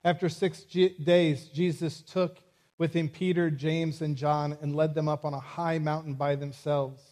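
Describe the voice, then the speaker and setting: A man preaching a sermon as a church pastor, reading scripture and speaking to his congregation in a measured way. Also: on the high side, flat delivery, dark tone. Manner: preaching with rising intensity, measured pacing.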